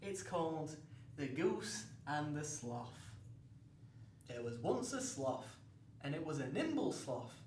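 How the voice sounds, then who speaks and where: A man's voice: a little high, big pitch swings, slow, a little mellow. A man hosting a comic children's story show, narrating in a cheery, exaggerated storybook way. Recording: roomy, distant mic with faint noise.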